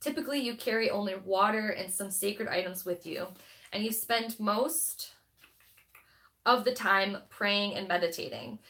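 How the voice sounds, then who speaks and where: A woman's voice: mid-range voice, fairly bright tone. A woman hosting a spiritual live stream, chatting casually with viewers in a rambling, think-aloud way and reading passages aloud.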